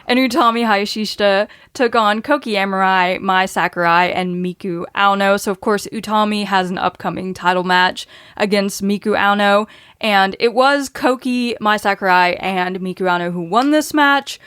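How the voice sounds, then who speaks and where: A woman's voice: medium pitch, moderate pace, a bit bright, clean tone, no echo, studio quality. A woman hosting a podcast, running through match results in a casual way and laughing often. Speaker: podcast host.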